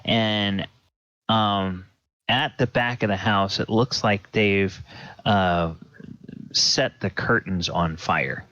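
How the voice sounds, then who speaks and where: A man running a tabletop game as dungeon master, unhurried and hesitant, with many fillers. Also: lowish voice, pushed and bright, no echo. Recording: dull lo-fi audio.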